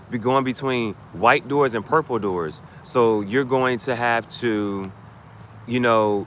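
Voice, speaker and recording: A man's voice: medium pitch, fairly bright tone, slight background noise. Rambling casual male game streamer. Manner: rambling, restarts a lot, breaks into quick rap freestyles for gifts. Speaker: gaming streamer. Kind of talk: casual game commentary with gameplay tips.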